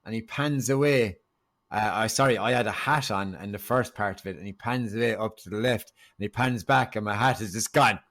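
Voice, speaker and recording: A man's voice: fairly low pitch, brisk, a bit bright. An Irish man, a podcast guest, telling a story in casual chat and acting out the dialogue. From Ireland.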